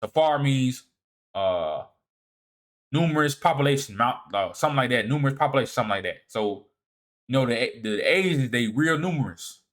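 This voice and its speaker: The presenter of a video series walks through his slides in a lecture, halting yet emphatic, with an animated, fairly bright tone. He often restarts or repeats words and keeps asking "all right?", moving from emphatic rises down to low muttering asides.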